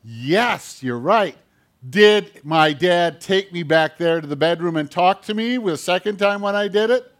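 Playful pastor man, slow, questioning. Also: high-pitched, expressive. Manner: playful, asks children questions. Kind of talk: children's sermon.

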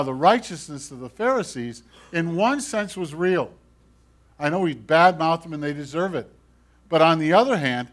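A man preaching a sermon, earnest and pleading, swinging from loud emphasis to hushed asides and asking his listeners direct questions. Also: on the high side. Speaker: pastor.

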